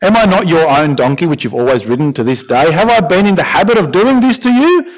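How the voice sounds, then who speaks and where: A man's voice: fairly high pitch, animated, quick pace. A preacher voicing a stubborn, put-upon male donkey, pleading with its master in a sermon retelling. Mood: aggrieved. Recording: dull lo-fi recording.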